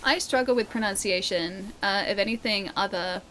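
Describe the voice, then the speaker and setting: A woman's voice: mid-range voice, normal speed, a bit bright, a little hiss or hum. A woman with an Australian accent, chatting casually with her viewers while she plays a game live, laughing often and answering chat. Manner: chatty, giggly, reads chat aloud. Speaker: livestreamer.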